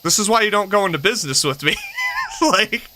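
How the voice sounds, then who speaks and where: Over a noisy background, a streamer host in his thirties chats casually while he games, his voice high and his speed normal. He tells stories, laughs often and swears freely in an animated way.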